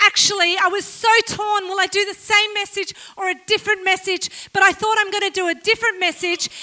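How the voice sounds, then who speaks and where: Female guest preacher, very high pitch, bright tone, energetic call-and-response sermon. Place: church service.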